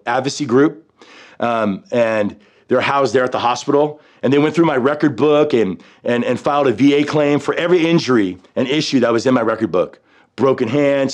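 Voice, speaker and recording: A military veteran in his fifties telling his own story in a halting, reflective way, often pausing on "you know" and restarting his sentences. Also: mid-range voice. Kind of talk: personal storytelling.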